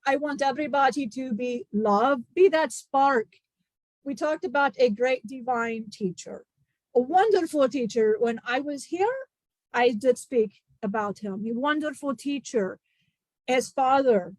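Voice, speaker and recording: A woman's voice: sits high, unhurried, a little mellow, no echo. A woman channeling a jovial ancient male spirit teacher, giving rambling, joking advice. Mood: warm jokey.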